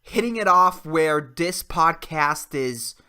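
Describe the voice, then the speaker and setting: A man in his twenties hosting a solo podcast, ranting in a profane, excitable way and peppering his talk with "dude" and "man". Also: on the high side, slow pace, clean tone. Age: 20s. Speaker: podcast host. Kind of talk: solo comedic rant.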